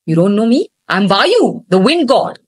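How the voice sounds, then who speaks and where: A woman's voice: medium pitch, very animated, measured pace, breathy edge. A woman voicing an arrogant, proud male wind god within a retold myth.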